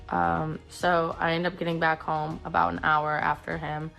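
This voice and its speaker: A young woman with a lowish voice full of vocal fry tells a painful personal story. She talks haltingly, stopping and restarting, her voice heavy with emotion. Faint music sits under her. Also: level tone, fairly bright tone, muffled recording.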